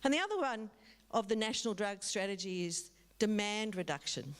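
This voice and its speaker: A woman's voice: medium pitch, animated, normal speed. A middle-aged woman giving a public talk as a guest speaker, telling a vivid story and speaking directly to the audience. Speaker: guest speaker from a drug foundation.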